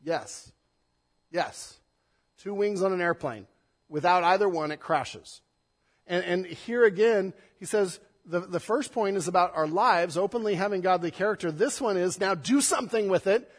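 A man, a pastor, preaching a sermon, swinging between loud emphatic stress and soft, hushed passages. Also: sits high, moderate pace, breathy edge, big-room sound.

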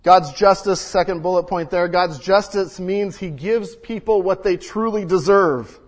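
A man preaching a sermon and reading scripture, swinging between loud emphasis and hushed quiet, recorded in a church sanctuary. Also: sits high, measured pace. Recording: long reverb of a large hall.

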